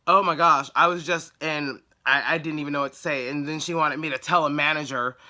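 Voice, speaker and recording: Exasperated woman venting, very bright voice. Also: sits low, steady tone, a little fast. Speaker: dog groomer. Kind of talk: casual storytelling vlog.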